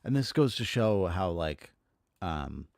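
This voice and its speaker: A man with a very low voice reads aloud haltingly and stops to complain with blunt, profane asides. He sounds close to the mic in a dry, dead room, full of ums and restarts. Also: very animated, creaky, no echo. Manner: exasperated, profane asides between halting read-aloud passages. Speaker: streamer reading and commenting on a historical text. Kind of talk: casual reading with commentary.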